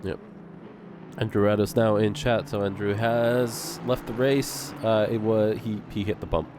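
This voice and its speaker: A man doing live sim racing commentary in a relaxed, chuckling way, with plenty of fillers. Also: fairly low pitch, a little slow, noisy background.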